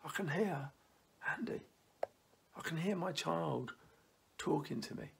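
A man voicing God as a fond father hushing heaven. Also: fairly high pitch, slow, vocal fry, a little hiss or hum, voice pushed up, heavily acted. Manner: soft, hushing, lightly joking.

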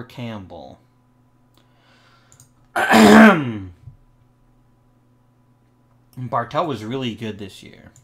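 A young man hosts a let's play of a baseball management game on his gaming channel, explaining his choices and sarcastically snapping at his own virtual players. His voice is mid-range and a bit bright.

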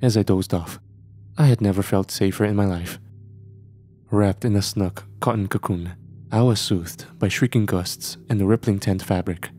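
Male horror narrator, measured delivery, dark husky low voice. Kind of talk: scripted horror story narration.

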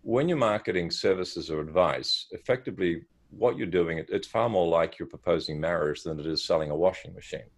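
A man's voice: deep voice, brisk, creaky, hardly any pauses. A man in his fifties, a podcast guest, telling stories with lots of restarts. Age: 50s. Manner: animated storyteller with frequent restarts. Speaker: podcast guest, marketing advisor. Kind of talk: casual interview storytelling.

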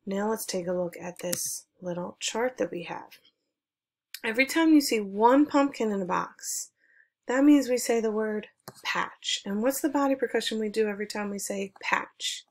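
Woman, music teacher, online lesson for children, clear, encouraging, call-and-response chanting. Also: fairly high pitch.

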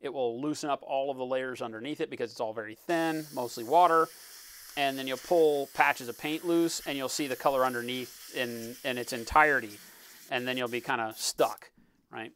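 A man talking through a live-stream painting tutorial in a relaxed, explanatory way, often checking in with "right?" and sometimes muttering as he works. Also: mid-range voice, moderate pace, slight background noise. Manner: muttering while working. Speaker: miniature painting instructor.

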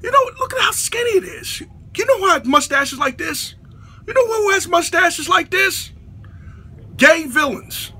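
High, bright, exasperated male ranter. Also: animated, unhurried. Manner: profane, exasperated, bursts into shouts. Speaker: comedy vlogger. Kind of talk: comedic rant to camera.

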